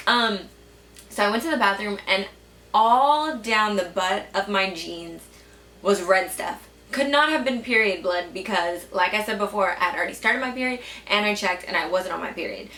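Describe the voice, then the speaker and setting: A woman's voice: mid-range voice, sharp tone, far from the mic, slight background noise. A young woman vlogger telling stories casually to the camera. She swears a lot and fills her speech with "like.". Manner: chatty, swears a lot, says "like" often. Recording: echoey room, a bit off-mic.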